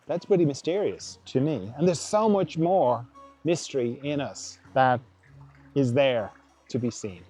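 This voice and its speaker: A man hosting a reflective spiritual talk, musing gently and voicing imagined thoughts aloud. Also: mid-range voice, animated, unhurried, faint music behind. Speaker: podcast host.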